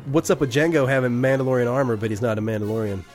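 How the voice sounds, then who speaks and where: A man co-hosting a podcast in casual chat, animated and swearing often. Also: medium pitch, racing, faint music behind. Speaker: podcast co-host.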